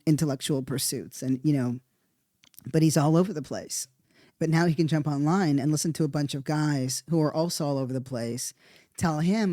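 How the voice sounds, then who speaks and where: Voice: mid-range voice, dark tone, no echo. Rambling profane podcast host, dry mic. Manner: rambling, profane, thinks aloud with many "right?" tags. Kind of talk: casual monologue commentary.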